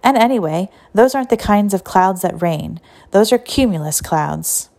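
A woman's voice: medium pitch, animated, moderate pace, gravelly, dark tone. A woman voicing a young girl who is blunt, contrary and matter-of-fact. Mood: know-it-all.

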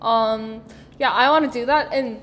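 Teenage girl, casual podcast chat, filler-heavy, somewhat high pitch, faint background noise. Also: unhurried, fairly bright tone, long reverb tail. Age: teens. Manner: chatty, many "like" fillers. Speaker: podcast co-host.

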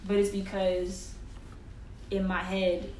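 A woman's voice: mid-range voice, completely flat delivery, slow pace, darkish tone. A young woman co-hosting a casual podcast chat, blunt and slangy, swearing freely. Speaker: podcast co-host. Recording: distant mic in an echoey room with noise.

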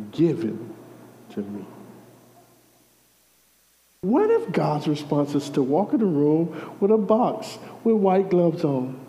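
A man preaching a lively sermon, calling out to the congregation through a microphone. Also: a little high. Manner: energetic call-and-response preaching. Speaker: pastor. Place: church hall. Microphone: handheld or stage mic. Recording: dull audio in a reverberant hall.

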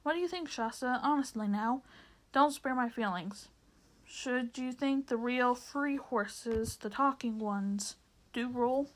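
A woman's voice: on the high side, measured pace, close to an everyday voice. A woman voicing a proud, slightly anxious male talking horse in a storybook reading, with formal, old-fashioned phrasing.

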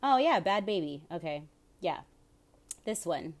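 Young female podcast host, slightly low voice, casual, profane, tangent-prone. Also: animated, unhurried. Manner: rambling, profane, self-interrupting tangents. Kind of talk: casual solo podcast chat.

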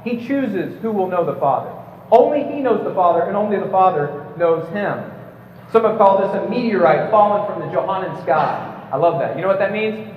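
Speaking to a live audience, this man gives a forceful prepared debate speech, lecturing briskly with a high-pitched, lively intonation, sometimes stumbling and slipping in light jokes. A distant mic in an echoey hall makes the audio slightly dull, with a little hiss or hum.

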